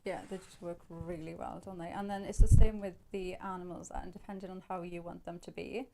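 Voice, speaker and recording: A woman's voice: lowish voice, steady tone, brisk, creaky, very noisy. A woman with a Welsh accent, demonstrating crafts on a live shopping show, talking through each step as she works.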